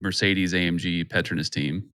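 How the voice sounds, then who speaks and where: Male podcast co-host from the US, low and bright, chatty and nerdy, full of fillers. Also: fairly even intonation, moderate pace, clear, resonant tone, dry recording, clean studio sound. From United States. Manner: nerdy, enthusiastic fact-sharing with many fillers. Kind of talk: casual podcast chat.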